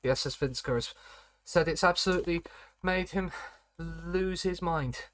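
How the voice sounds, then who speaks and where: A man's voice: fairly high pitch, moderate pace, a bit bright. Chatty man streaming a game. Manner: chatty, rambling, repeats catchphrases. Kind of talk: casual live-stream commentary.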